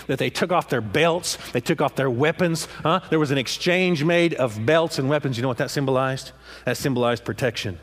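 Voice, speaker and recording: A husky-voiced man preaching with rising passion. He circles back over his own phrases and keeps checking in with his listeners by asking "huh?" after each point. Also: mid-range voice, a little fast. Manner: impassioned, repeats phrases and prods listeners with "huh?". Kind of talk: sermon.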